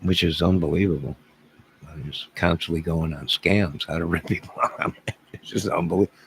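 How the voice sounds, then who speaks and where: A man's voice: deep voice, fairly even intonation, a little fast, slight background noise, low-quality recording. A man hosting a casual livestream, rambling and self-deprecating as he chuckles and answers viewers' chat. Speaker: livestream host.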